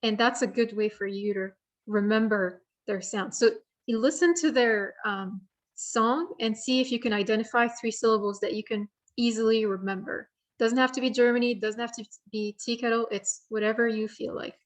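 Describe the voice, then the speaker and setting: A young woman presenting an online bird identification workshop, speaking a little higher than most women. She explains things in a friendly way with plenty of fillers, heard through a computer mic on a video call. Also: steady tone, moderate pace.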